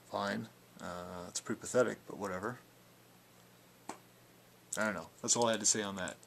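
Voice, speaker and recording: A man's voice: lowish voice, fairly even intonation, moderate pace, vocal fry, pauses often, a bit bright, a little hiss or hum. A young man talking casually in a video blog response, rambling and defiant, with plenty of filler words. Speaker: video blogger.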